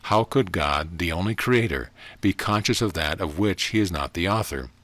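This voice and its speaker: A deep-voiced man giving voice to a young woman, gentle, steady, certain, slow explaining, dry close sound, audiobook reading. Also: no echo. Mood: calm earnest.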